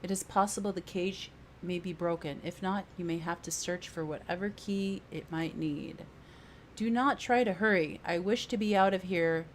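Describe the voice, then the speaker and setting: A woman doing a commanding woman adventurer with a put-on British accent, her lines read out formally and with weight from a role-playing game. The voice sits fairly low and steady, with a faint hiss of room noise underneath. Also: normal speed, lightly acted. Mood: resolute. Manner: formal, declamatory reading of game dialogue. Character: stern adult woman adventurer, commanding, with a mock British lilt. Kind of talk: reading game dialogue aloud in character.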